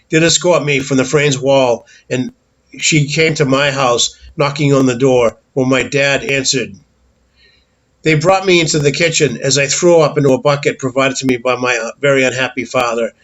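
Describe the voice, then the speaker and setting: A man's voice: mid-range voice, fairly bright tone, low-quality recording. A man telling a childhood story in a casual, candid, blunt way, with some swearing and small stumbles.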